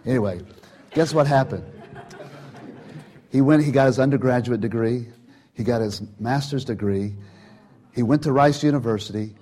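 A man's voice: mid-range voice, moderate pace, pauses often. An older man giving an informal sermon, telling a personal story in a chatty way with many restarts and acted-out quotes. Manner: chatty and warm, acts out quotes, frequent "you know" and restarts. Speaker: church speaker telling a testimony.

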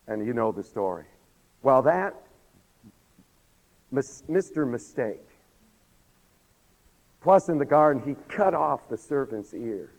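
A man's voice: medium pitch, lively intonation, a little slow, pauses often, darkish tone. A man preaching a sermon, telling a story animatedly, acting out the quotes and asking the congregation questions, while losing his voice. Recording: long hall reverb.

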